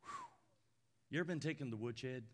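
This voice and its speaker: A male pastor preaching a conversational sermon, often dropping soft and low for emphasis. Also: huge pitch swings, a little fast, a little hiss or hum.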